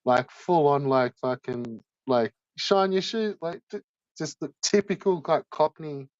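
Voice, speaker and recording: A man chatting casually, slangy and sweary, full of drawn-out fillers. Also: medium pitch, a little mellow, dry recording. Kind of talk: casual chat. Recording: dull dry sound.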